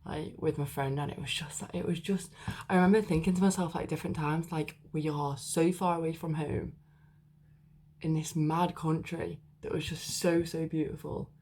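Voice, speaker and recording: A woman's voice: deep voice, fairly even intonation, moderate pace, a little mellow. A young woman chatting casually to camera in a vlog, rambling with lots of fillers. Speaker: vlogger. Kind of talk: casual chat.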